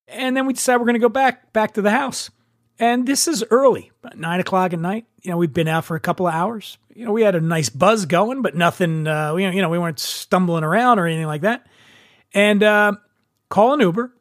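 A man casually telling a story as a podcast host, animated and acting out the dialogue. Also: no room sound, studio quality. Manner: animated, acts out dialogue with shifting pitch. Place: brewery.

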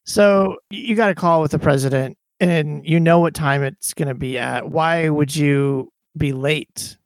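A man's voice: on the high side, a little slow, no room sound. A man co-hosting a podcast, casually and skeptically retelling movie scenes. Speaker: podcast co-host. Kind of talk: casual chat.

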